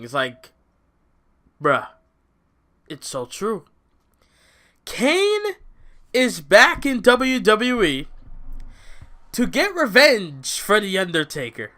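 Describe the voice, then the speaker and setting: A man casually reviewing a wrestling show on his own vlog, excitable and rambling, often restarting his sentences. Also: high voice.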